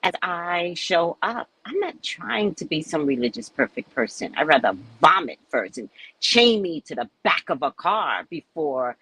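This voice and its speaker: Woman, husky low voice, lively swooping pitch, reading a spiritual book with frank, laughing asides. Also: a little slow, low-quality recording. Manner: animated, laughing, candid asides. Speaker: spiritual reader and speaker. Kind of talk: reading a spiritual book aloud with casual commentary.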